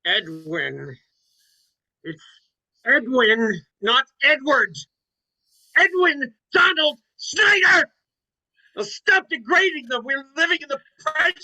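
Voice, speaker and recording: A man's voice: very high voice, animated, bright, forceful tone, exaggerated voice, poor audio. An actor playing a stubborn older man who answers curtly and then flares up, in a play reading. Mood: indignant. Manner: slow, curt, then flaring up. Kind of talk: play read over a video call.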